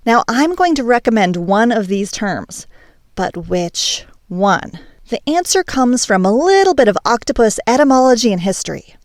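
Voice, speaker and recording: A woman's voice: fairly high pitch, very animated, normal speed, dry recording, clean studio sound. A woman hosting a language podcast, delivering a scripted monologue in a playful, emphatic, teacherly way. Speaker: podcast host.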